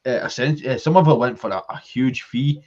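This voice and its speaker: A Scottish man in full flow on a fan podcast, pressing his case with passion and barely pausing. His voice sits at an ordinary middle pitch. The sound is dull and lo-fi, like an online call. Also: darkish tone. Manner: passionate, talks in long runs of argument. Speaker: podcast co-host. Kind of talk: casual football fan chat.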